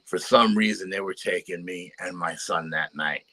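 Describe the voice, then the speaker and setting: Older man with a bright, forceful voice. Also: low-pitched, normal speed, husky, poor audio. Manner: earnest storytelling with repeated "you know". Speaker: paranormal investigator guest. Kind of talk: storytelling interview.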